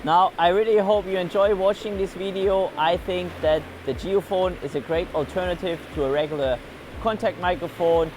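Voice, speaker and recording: A man's voice: sits high, moderate pace, a little mellow, slight background noise. A man vlogging outdoors by a river, explaining each step of his recording test as he goes. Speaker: vlogger testing recording gear. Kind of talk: casual outdoor field-recording vlog. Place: outdoors by a river shore with waves.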